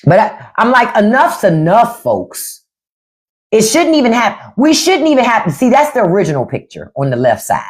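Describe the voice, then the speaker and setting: A woman's voice: fairly high pitch, sing-song, brisk, few pauses. A woman hosting a livestream, ranting bluntly and mockingly with plenty of profanity. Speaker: livestream host. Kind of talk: casual livestream rant.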